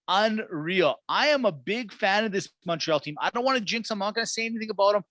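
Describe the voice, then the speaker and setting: A man co-hosting a sports podcast in casual chat, animated and hyped, acting out quotes as he talks. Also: high voice, quick pace, hardly any pauses, no room sound. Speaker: podcast co-host.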